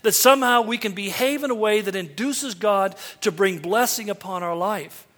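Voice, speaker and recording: A man's voice: high voice, moderate pace, fairly bright tone, in a large hall. A man preaching a sermon in an earnest way, quoting lines and asking the listeners rhetorical questions. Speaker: pastor.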